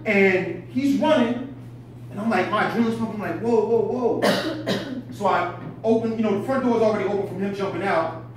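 Recorded from a distance in an echoey comedy club with background noise, a man on stage tells a story in his stand-up set. His voice is high-pitched and quick, and he cracks himself up and swears without restraint.

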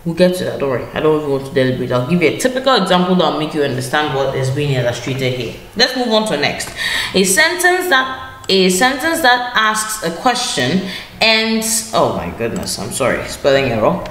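A woman's voice: deep voice, big pitch swings, a little fast, a bit bright. A woman teaching an online grammar lesson over a screen share, patient, repeating key phrases and correcting herself as she goes. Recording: echoey room with faint ambient noise.

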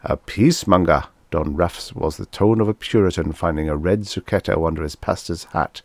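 A man narrating a vintage science fiction story in a steady, even storytelling manner. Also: low voice, a little fast, no echo. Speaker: audiobook narrator. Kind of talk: scripted narration.

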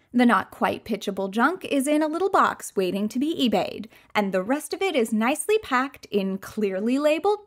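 A woman reading a first-person audiobook, expressive and moving between hushed and excited passages. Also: a little high. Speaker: audiobook reader.

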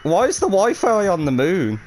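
A young man giving excitable live gameplay commentary, swearing freely and calling out to his teammates. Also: high voice, moderate pace, a little hiss or hum, low-quality recording. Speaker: gaming video creator.

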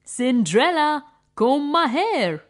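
A woman's voice: high voice, big pitch swings, slow, full character voice. A woman voicing spoiled, mean young stepsisters who make haughty demands in a children's story.

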